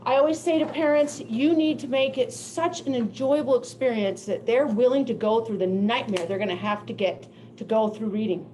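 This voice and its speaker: An older woman giving a presentation to teachers, telling classroom stories in a lively way and laughing often. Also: fairly high pitch, slight background noise, rough recording. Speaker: teacher of deaf students. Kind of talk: presentation to educators.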